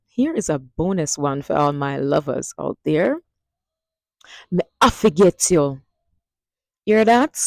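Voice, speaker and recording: A woman with a Jamaican accent giving a playful vlog language lesson, drawing words out slowly like a teacher. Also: on the low side, no room sound. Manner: slow, drawn-out teacherly delivery with lively phrases.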